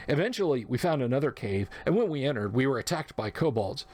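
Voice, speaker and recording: A man's voice: mid-range voice, sing-song, fairly quick, hardly any pauses. Male narrator, memoir storytelling, reflective, acts out quotes. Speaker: podcast narrator.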